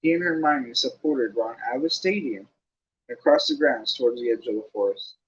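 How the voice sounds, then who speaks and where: A man narrating an audiobook, reading lively with casual asides. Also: mid-range voice, fairly quick, lo-fi sound.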